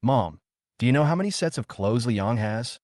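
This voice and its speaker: A man's voice: medium pitch, expressive, normal speed, a little mellow, no room sound, clean studio sound, natural voice. A man voicing an anxious, earnest young woman who pleads with her parents. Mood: pleading. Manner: pleading, urgent, trembling.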